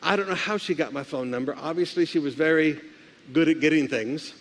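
A man's voice: a little high, brisk. A male pastor preaching a sermon, leading the congregation in call-and-response. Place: church sanctuary. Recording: live with long hall reverb.

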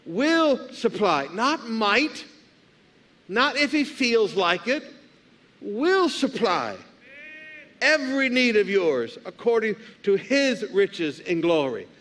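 A man's voice: extremely high pitch, sing-song, takes it slowly, a bit bright. A man, a pastor preaching a sermon and calling out questions for the congregation to answer.

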